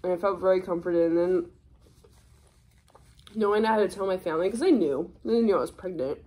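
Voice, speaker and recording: A young woman vlogger telling a personal story in casual chat, candid and animated, swearing freely. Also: fairly low pitch, a little fast.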